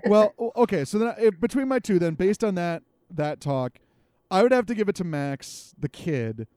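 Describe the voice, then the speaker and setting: A young adult man co-hosting a podcast, joking and animated, swearing freely in casual chat. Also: high-pitched, moderate pace. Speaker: podcast co-host.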